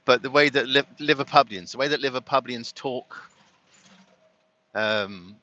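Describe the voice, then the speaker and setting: A man's voice: mid-range voice, unhurried, pushed and bright, dull audio, slight background noise. A man from London with a London accent, chatting casually and rambling while he drives, laughing often. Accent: London English. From London, England. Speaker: vlogger. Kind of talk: casual chat while driving.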